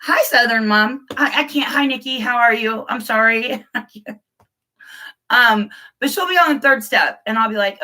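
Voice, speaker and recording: A woman's voice: on the high side, moderate pace, sharp tone. A woman chatting casually on a live stream, rambling and laughing, greeting viewers by name.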